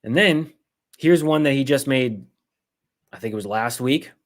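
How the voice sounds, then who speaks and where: A man's voice: mid-range voice, unhurried. A man hosting a political livestream, ranting heatedly with swearing and sarcastic mimicry. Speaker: political commentary host. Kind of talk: angry livestream rant.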